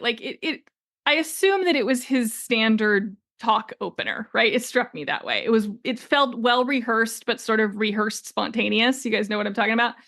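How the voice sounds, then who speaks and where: A woman's voice: on the high side, a bit bright. A woman in her forties hosting a solo business podcast, telling a story in a chatty, conversational way with frequent laughs. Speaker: podcast host and business coach.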